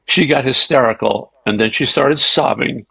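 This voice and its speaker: Older male guest, raspy and gravelly, animated raconteur, close dry mic. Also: medium pitch, normal speed, no echo, low-quality recording. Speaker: guest actor. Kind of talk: anecdotal storytelling.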